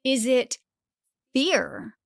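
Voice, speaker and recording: Her voice is high and creaky, and she stretches out her words; the studio sound is clean with no room tone. This woman hosts a motivational podcast, speaking animatedly, performing inner voices, and leaning heavily on "like."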